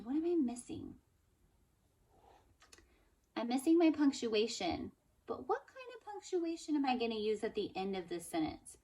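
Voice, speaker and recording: Woman, elementary teacher, recorded phonics lesson; patient, encouraging, models sentences slowly. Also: on the high side, warm tone. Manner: slow, careful modeling of sentences; encouraging, asks and answers her own questions.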